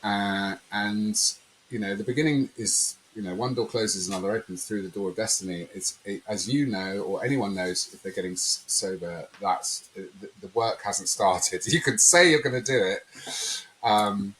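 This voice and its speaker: A podcast guest tells a personal story in a conversational interview, rambling and animated as he acts out quotes. His voice is lowish and moderately paced, and the rough recording carries slight background noise.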